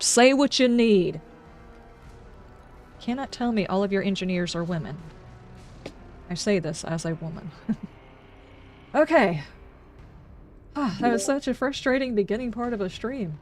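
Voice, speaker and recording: A woman's voice: medium pitch, darkish tone. Exasperated woman ranting on stream. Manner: exasperated ranting with sarcastic asides. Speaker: game streamer. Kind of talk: casual livestream chat.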